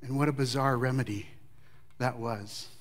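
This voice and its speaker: At a normal speed, a middle-aged pastor tells a story from the pulpit, alternating lively emphasis with hushed, low passages.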